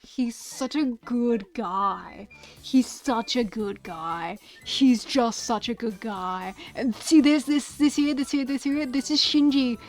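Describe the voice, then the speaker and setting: Young woman streamer, slightly high voice, unhurried, gushing fan talk full of restarts, faint music behind. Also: a little mellow. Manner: gushing, stammering with many repeated words. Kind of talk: casual chat about a favorite anime.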